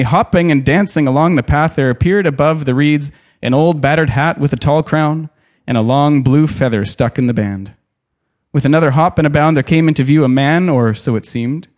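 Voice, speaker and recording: A man reading a novel aloud in an expressive, dramatic way, pausing to add his own comments. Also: fairly high pitch. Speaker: storyteller.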